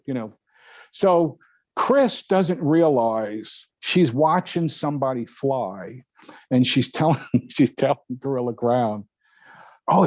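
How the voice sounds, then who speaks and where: An older man and guest pilot, telling a story in casual talk, animated and laughing often as he acts out other people's voices. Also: mid-range voice, no echo. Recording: dull lo-fi sound.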